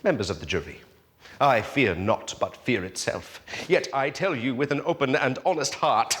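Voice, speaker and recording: An actor on stage playing a flustered, grandiose playwright on trial who declaims in a grand, fretful way. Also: male voice, mid-range voice, lively intonation, moderate pace, fairly bright tone, close to an everyday voice. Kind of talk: live stage acting. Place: theater stage. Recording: long theater reverb.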